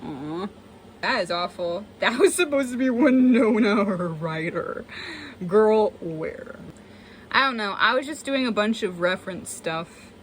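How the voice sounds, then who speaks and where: A woman's voice: medium pitch, a little slow, a little hiss or hum. A young woman giving a casual, self-mocking tour of her old sketchbook as a vlogger. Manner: chatty, self-mocking, animated. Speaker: artist and vlogger.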